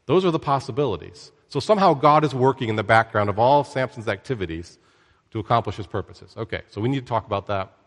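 A man giving a casual Bible lesson, conversational and joking, with lively asides to his listeners. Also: medium pitch, fast, long reverb tail. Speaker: Bible teacher.

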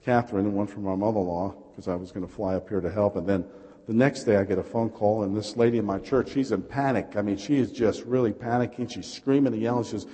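A man's voice: lowish voice, fairly even intonation, fast talker, dark tone, slightly rough. A man with a New York accent preaching a sermon, telling personal stories with passion and calling out to the congregation. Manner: passionate storytelling preacher, calls out "Amen?". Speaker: pastor. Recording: reverberant hall.

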